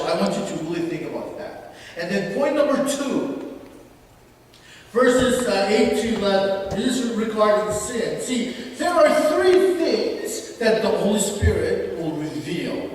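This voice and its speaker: A man's voice: high-pitched, slight background noise. A man from Micronesia with a Micronesian accent, preaching a sermon earnestly, often repeating and restarting phrases. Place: church hall. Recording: echoey hall from far off.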